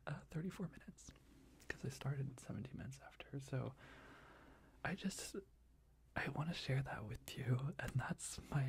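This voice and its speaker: A young man talking in a soft, rambling ASMR whisper, full of restarts, as he shares life updates. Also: mid-range voice, vocal fry, husky. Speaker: ASMR creator.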